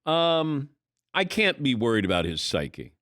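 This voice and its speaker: Wry, lively male sports radio host. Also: medium pitch, a little slow, no room sound, clean studio sound. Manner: wry, animated, calls on co-hosts. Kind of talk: casual sports talk. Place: radio studio. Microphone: studio microphone.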